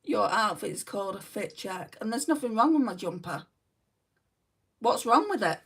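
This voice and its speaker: A woman's voice: medium pitch, lively intonation, moderate pace, fairly bright tone, slightly rough, recorded from a distance. Chatty New Zealand woman on a makeup livestream. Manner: chatty, reads out and answers viewer comments. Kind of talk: casual chat reading live comments.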